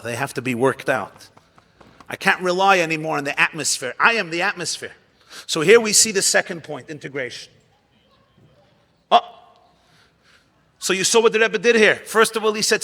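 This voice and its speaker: Animated rabbi in a reverberant ballroom. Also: male voice, on the high side. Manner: animated, dramatic storytelling with sudden drops to near-whispers. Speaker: rabbi giving a talk. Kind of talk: storytelling sermon at a gathering. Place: large ballroom. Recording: long hall reverb.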